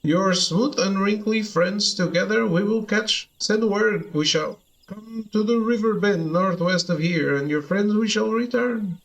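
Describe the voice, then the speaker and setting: A man's voice: high-pitched, measured pace, rough recording. A man voicing a cowardly bird-man creature who talks in backwards word order and squawks while pleading for his life. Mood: relieved. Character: cowardly male bird-man beast, fawning and sly. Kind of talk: reading game dialogue aloud.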